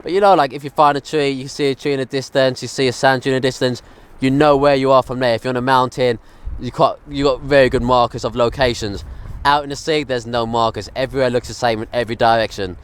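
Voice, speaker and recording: A man's voice: medium pitch, smooth. A man filming himself alone in a small dinghy at sea, talking loosely with many fillers, weak and seasick. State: cold and tired, speaking low. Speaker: survival vlogger. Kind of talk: self-filmed survival vlog. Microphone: self-held camera.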